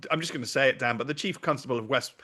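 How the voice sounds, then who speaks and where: A man's voice: mid-range voice, very fast, pushed and bright. Indignant, impassioned male pundit. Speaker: guest commentator. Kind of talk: opinionated panel talk.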